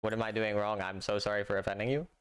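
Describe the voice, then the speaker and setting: Young male streamer, smooth voice, dry sarcastic chat with viewers, slangy. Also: on the low side, fairly even intonation, fast. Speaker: livestreamer playing a mobile game.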